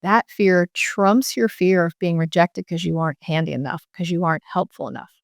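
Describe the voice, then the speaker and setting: A middle-aged woman with a lowish, smooth and resonant voice explains her work as a medical intuitive. She talks in long runs dotted with "you know" and restarts. The sound is close and dry. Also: normal speed, dry recording. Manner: explanatory, many fillers and restarts. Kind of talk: interview guest.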